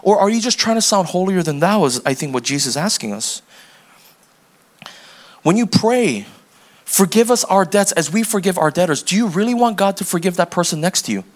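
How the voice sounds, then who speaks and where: A man's voice: high voice, animated, brisk. A man preaching a sermon as pastor, talking casually and pressing the congregation with repeated questions. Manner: conversational, acts out little scenes with quoted voices.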